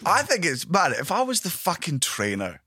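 Bright-voiced man in sweary banter. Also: a little high, huge pitch swings, moderate pace, slightly rough, no echo, studio quality. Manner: mocking, sweary rants. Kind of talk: casual chat.

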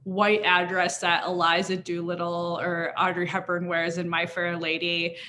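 A woman's voice: on the low side, completely flat delivery, normal speed, bright, forceful tone, slight background noise. A young woman in casual chat as a podcast co-host, talking with many fillers and frequent laughs.

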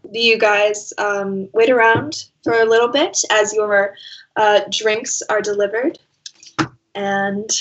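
A woman narrating a tabletop game as game master, slow and hesitant with many pauses, short on sleep. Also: mid-range voice, a bit bright. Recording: dull lo-fi sound.

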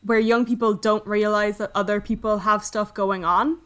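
A woman's voice: medium pitch, flat delivery, moderate pace, fairly bright tone, clear, resonant tone. A woman co-hosting a podcast, casually retelling a book's plot and acting out the characters' lines. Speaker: podcast co-host. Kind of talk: casual book discussion.

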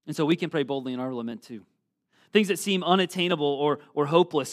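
Middle-aged male preacher, earnest sermon delivery, voice pitched a bit high, scripture read with swelling emphasis. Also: fast. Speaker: pastor.

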